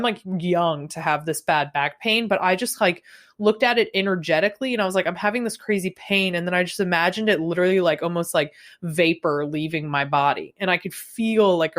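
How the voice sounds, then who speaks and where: Low, young adult woman host; chatty, rambling, filler-heavy delivery. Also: fairly bright tone. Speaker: podcast host. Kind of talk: casual confessional chat.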